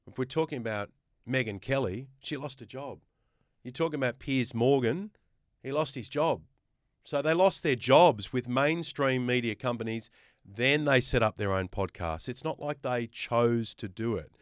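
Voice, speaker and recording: A man with an Australian accent talks in a casual podcast chat. He makes his case with firm emphasis and stacks up lists of examples. His voice is smooth and resonant, and the recording is close and dry. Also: mid-range voice, normal speed, no echo. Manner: emphatic, builds points with lists. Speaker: guest host.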